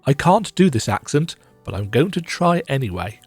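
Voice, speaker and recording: A man with a croaky voice giving casual, rambling commentary while playing a story game, often repeating words as he thinks. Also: mid-range voice, big pitch swings, moderate pace, no room sound, faint music behind. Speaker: video game reaction host. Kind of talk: casual reaction commentary, reading game dialogue aloud.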